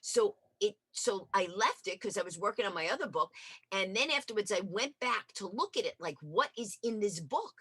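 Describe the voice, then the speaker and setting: A woman guest in a lively interview chat, an energetic storyteller who acts out the dialogue in her stories. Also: mid-range voice, moderate pace, slightly rough, no echo.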